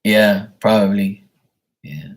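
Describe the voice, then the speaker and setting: A man's voice: fairly low pitch, slow. A man chatting casually on a live stream, giving tarot readings for viewers' paid questions. He rambles loosely and bluntly, swears freely, and leans on fillers and restarts.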